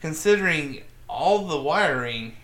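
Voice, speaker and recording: A man co-hosting a podcast, telling a science story in a joking, animated way. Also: a little high, a little slow, a crowd in the background. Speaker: podcast co-host. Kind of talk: casual chat, news segment.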